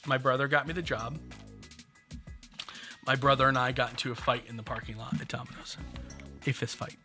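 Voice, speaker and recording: A man's voice: mid-range voice, brisk, soft background music. A man co-hosting a podcast, chatting casually and telling stories with jokes. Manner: joking, animated storyteller. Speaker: podcast co-host.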